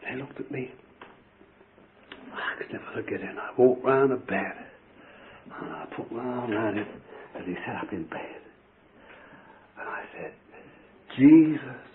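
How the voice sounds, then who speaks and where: A man preaching a sermon, telling a story with animated fervor and bursts of shouting. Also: mid-range voice, unhurried, pauses often. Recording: tinny phone-like old tape.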